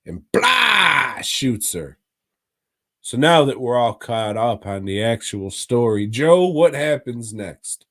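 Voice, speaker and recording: A man's voice: medium pitch, lively intonation, slow pace. A man co-hosting a podcast, making sarcastic, profane asides and laughing often in casual chat. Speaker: podcast co-host.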